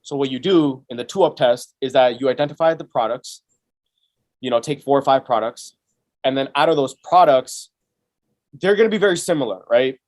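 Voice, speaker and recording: A man's voice: mid-range voice, a little fast. A man, a guest on a business podcast, explaining his method step by step in casual talk, full of "right?" and "you know". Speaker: guest, Amazon seller.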